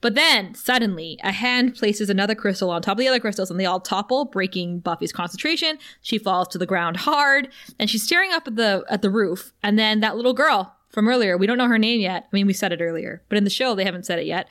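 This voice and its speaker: A woman with a mid-range voice co-hosts a podcast. She recaps a TV episode in a loose, chatty way. She is animated and laughs easily. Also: mid-range voice, fast, few pauses. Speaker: podcast co-host. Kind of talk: casual episode recap chat.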